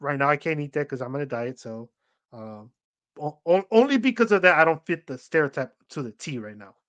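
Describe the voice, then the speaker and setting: Rambling higher-voiced male podcast co-host. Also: expressive, a little fast, a bit bright, highs cut off. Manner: rambling storyteller, acts out quoted voices, many "like" fillers. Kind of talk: casual chat.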